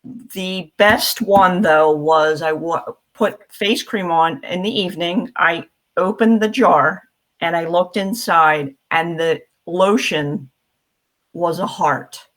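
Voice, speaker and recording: A woman talking slowly and earnestly as a panelist in a casual group chat. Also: fairly low pitch, fairly bright tone. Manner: slow, reflective and earnest.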